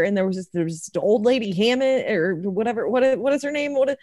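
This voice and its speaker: A woman's voice: medium pitch, expressive, brisk, hardly any pauses, darkish tone, no room sound, studio quality. A woman player in a tabletop horror game, narrating her character's actions with emotion and frequent laughter.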